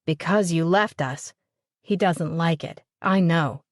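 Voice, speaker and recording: A woman voicing a gentle, simple-minded grown man who is childlike and worried, speaking plainly and repeating himself. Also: fairly low pitch, slow, no echo, studio quality. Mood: troubled. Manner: plain repetitive speech.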